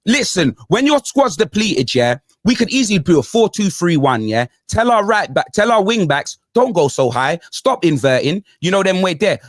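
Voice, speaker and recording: A man's voice: sits high, sing-song, normal speed, few pauses, no echo, studio quality. A man hosting a football panel, ranting animatedly about his team with heavy slang. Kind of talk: heated football banter.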